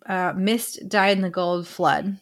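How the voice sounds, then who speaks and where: A woman's voice: lowish voice, slow pace. A woman co-hosting a casual book podcast, leading the talk, reading out list items and laughing often. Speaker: podcast co-host.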